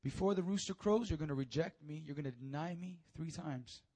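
A man voicing Jesus as a calm male teacher, speaking steadily. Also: a little high, fairly quick.

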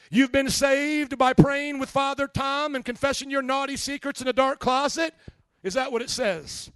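Man, pastor, sermon, impassioned, rhetorical questions, high voice, dry close sound. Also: no room sound. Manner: impassioned preaching, rhetorical questions to the congregation, builds to shouts.

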